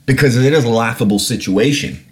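A man's voice: mid-range voice, fairly quick, slight background noise. Profane, ranting male podcast host. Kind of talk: casual opinion podcast.

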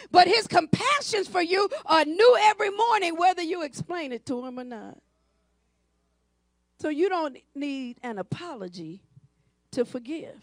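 High, gravelly woman pastor preaching. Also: no echo. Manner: swings between hushed asides and shouted preaching. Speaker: senior pastor. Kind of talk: preaching sermon.

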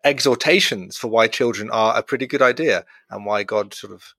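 A man's voice: medium pitch, normal speed, fairly bright tone, no echo. A middle-aged man with a British accent, co-hosting a chatty podcast and laughing easily. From Britain. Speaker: podcast co-host. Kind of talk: casual chat.

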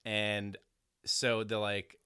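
Man, low voice, dry close sound, rambling profane storyteller, casual chat. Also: drawn-out words, smooth, no room sound. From New York area. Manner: rambling, profane, animated anecdote with quoted voices. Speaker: podcast storyteller.

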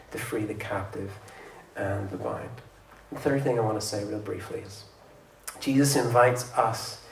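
A man preaches in a relaxed, conversational way, stopping to restart his thoughts and growing lively as he retells a story. His mid-range voice sounds a little distant from the mic. The hall is roomy, with a faint ambience underneath. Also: mid-range voice, slight background noise. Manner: conversational, animated when retelling stories. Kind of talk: sermon.

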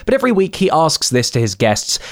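A man's voice: a little high, wildly swooping pitch, a little fast. A man hosting a podcast, interviewing his guest in a playful, effusive way with gushing reactions. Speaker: podcast host. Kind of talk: casual interview chat.

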